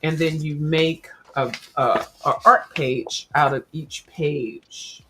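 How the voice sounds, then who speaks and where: A woman chats loosely with her viewers while she works on a craft project. Her voice sits a little low, and her talk is rambling and full of slang as she addresses everyone as y'all. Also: steady tone, slow, a bit bright, a little hiss or hum. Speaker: crafting livestream host. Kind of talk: casual chat while crafting.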